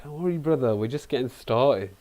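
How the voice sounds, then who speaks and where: A man's voice: mid-range voice, animated, fairly quick, mellow. A man hosting a live trading stream, chatty and self-mocking in casual talk. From Britain.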